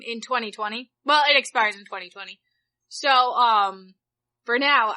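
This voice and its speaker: A woman in her twenties, a podcast co-host, telling stories in casual chat and acting out the people she quotes. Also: high-pitched. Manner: animated storytelling, acts out quoted voices.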